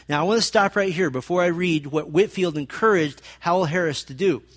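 Fervent male preacher, fairly high voice. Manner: earnest, rising to fervent emphasis when quoting. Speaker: pastor. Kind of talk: sermon.

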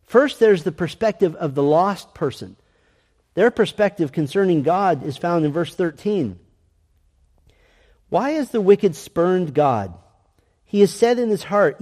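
A man teaching an adult Sunday school lesson, asking earnest, emphatic questions and reading scripture aloud slowly. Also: high-pitched, a little mellow, big-room sound. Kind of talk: Bible lesson.

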